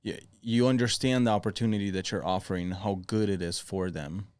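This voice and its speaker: Male podcast guest, smooth resonant voice, laid-back storyteller, dry close mic. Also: lowish voice, fairly even intonation, brisk, darkish tone, no room sound. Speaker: sales executive, podcast guest. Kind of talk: casual podcast chat.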